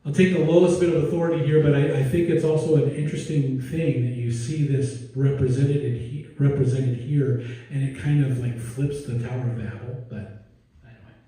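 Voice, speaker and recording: A man's voice: mid-range voice, steady tone, brisk, warm tone. A male pastor preaching a casual, digressive sermon with joking asides and restarts, heard in a church sanctuary. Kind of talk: conversational sermon. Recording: very echoey room, distant mic.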